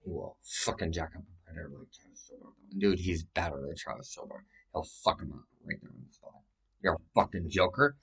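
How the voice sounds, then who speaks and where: Low-voiced man in a rambling, profane rant. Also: brisk, vocal fry, few pauses, fairly bright tone, husky. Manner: rambling, profane, agitated outbursts. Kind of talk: rambling vlog monologue.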